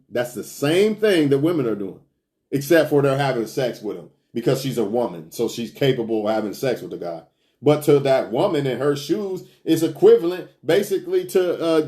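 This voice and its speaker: A man's voice: a little high, warm tone. A man giving a casual, preachy monologue as a self-improvement vlogger, blunt and profane, speaking straight to his viewers. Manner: blunt, profane, lecturing, addresses viewers as y'all.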